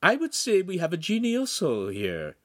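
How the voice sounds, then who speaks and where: A man's voice: sits high, huge pitch swings, normal speed, fairly bright tone, pitched above the performer's own voice, full character voice. A man voicing a woman actor in a period role, fussing over a colleague in a storybook reading. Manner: fussing, concerned.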